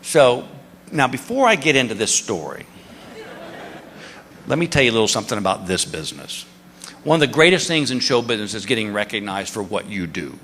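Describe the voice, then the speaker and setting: A man's voice: mid-range voice, a bit bright. A man in his fifties performs a stand-up routine on a large theater stage. He tells a story and acts out each person in it. His voice carries a long reverb from the hall, with faint crowd noise behind it. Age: 50s. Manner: storytelling, acting out quoted voices. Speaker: stand-up comedian. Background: audience laughter.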